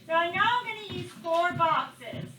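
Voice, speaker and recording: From far off in an echoey classroom, a woman with a very high, bright, pushed and animated voice patiently teaches phonics, drawing out each word's sounds. A little hiss or hum sits under the recording.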